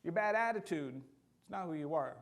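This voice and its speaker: A man preaching in a church, his voice gravelly with a touch of fry and pitched a little high for a man. He delivers the sermon in a loose, conversational way, animated and fond of acting out little quotes. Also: moderate pace. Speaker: pastor.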